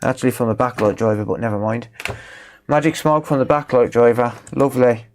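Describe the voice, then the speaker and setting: A man's voice: medium pitch, fairly even intonation, fairly quick. Black Country man chatting at his repair bench. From England, West Midlands (Dudley). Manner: chatty and joking, answers viewers' chat. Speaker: electronics repair streamer. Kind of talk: casual live-stream commentary while repairing. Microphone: rechargeable wireless microphones.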